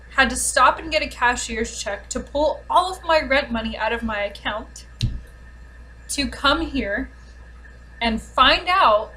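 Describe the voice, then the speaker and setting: A woman telling a frustrating everyday story in a casual vlog, exasperated and sarcastic, talking fast in bursts. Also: fairly high pitch, bright, forceful tone, rough recording. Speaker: vlogger. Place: home, with a dog nearby.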